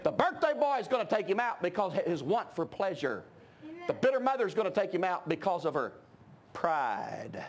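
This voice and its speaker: A middle-aged pastor delivers a sermon with a strikingly high voice. He drives his points home emphatically, rising to shouts at his peaks. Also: sing-song, normal speed.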